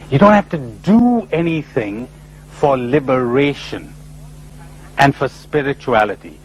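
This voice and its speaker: A man giving a spiritual talk to a live audience, animated and full of rhetorical questions, often acting out other people's replies. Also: a little high, slight background noise, low-quality recording. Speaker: spiritual speaker. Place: lecture before a live audience.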